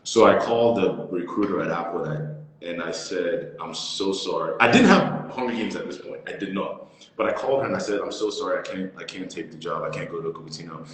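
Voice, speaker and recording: A man's voice: low voice, a little fast. A man in his thirties, an actor guest, telling a story in an interview and acting out the other people in it. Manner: animated storyteller, acts out quoted voices. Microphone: phone or laptop on a live stream. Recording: very echoey with long reverb.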